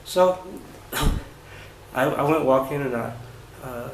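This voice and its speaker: A mid-range travel vlogger casually tells a story from his travels in the first person. He speaks haltingly with many fillers and restarts, and the roomy recording carries an echo and faint background noise.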